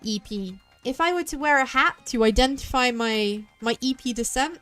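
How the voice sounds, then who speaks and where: West Country woman, VTuber game streamer, slightly high voice, rambly chat over faint game music. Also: a bit bright. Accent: West Country English. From southwest England. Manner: rambling, chatty, quick tangents. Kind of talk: let's play commentary.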